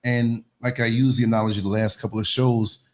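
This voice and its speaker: An American man in his late fifties hosts a podcast. He talks casually and relaxed, rambling from point to point in an easy, unhurried manner. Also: medium pitch. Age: 50s. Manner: relaxed, rambling, frequent laughs. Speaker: podcast host. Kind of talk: casual conversation.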